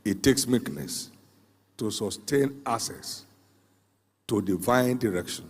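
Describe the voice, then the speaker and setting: An older man preaching a sermon, emphatic, repeating phrases for weight with dramatic pauses. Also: lowish voice, expressive, breathy edge. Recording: long hall reverb.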